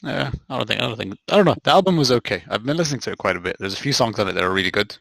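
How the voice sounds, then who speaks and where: A man's voice: medium pitch, expressive, racing, gravelly, fairly bright tone, dry recording. A man chatting with friends on a podcast, sarcastic and blunt, swearing casually. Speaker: podcast guest. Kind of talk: casual chat among friends.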